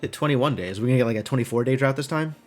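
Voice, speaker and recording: A man's voice: mid-range voice, very fast, darkish tone, soft background music. A man streaming a game live, thinking aloud in casual, rambling commentary full of "like" and puzzled questions to himself.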